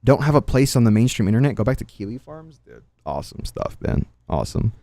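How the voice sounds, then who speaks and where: A man's voice: mid-range voice, very animated, fast talker, mellow, no echo, studio quality. A man streaming, commenting on drama and reading chat with sarcastic asides and swearing. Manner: sarcastic, swears freely, trails off into mutters.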